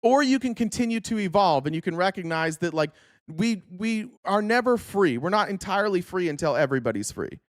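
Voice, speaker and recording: A man live-streaming, arguing his points in a quick, rapid-fire rant. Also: high-pitched, lively intonation, no echo, studio quality.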